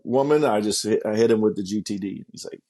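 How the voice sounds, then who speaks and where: Fast-talking and dark in tone, this interview guest recounts a story casually, voicing quotes with sudden pitch jumps. Swearing comes freely, and he keeps laughing throughout.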